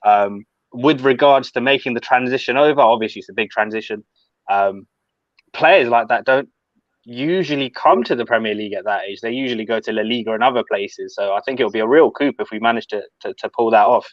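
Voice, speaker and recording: A man speaking as a panelist on a casual football podcast, measured and explanatory. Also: mid-range voice, no room sound. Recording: dry, dull lo-fi mic.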